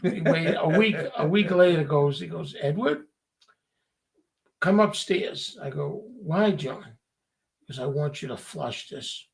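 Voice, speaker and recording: A man tells a story in a relaxed, chatty way, slipping into the voices of the people he quotes. His voice sits a touch high for a man and has a gravelly, rough edge. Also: measured pace. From Revere, Massachusetts. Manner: animated anecdote-telling, acting out quoted people. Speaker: guest. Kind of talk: casual storytelling.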